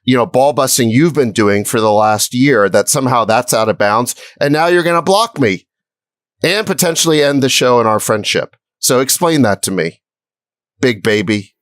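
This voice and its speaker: A man's voice: medium pitch, expressive, moderate pace, fairly bright tone, no echo, clean studio sound. A middle-aged man co-hosting a podcast, needling and mocking his fellow host. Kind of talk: podcast argument.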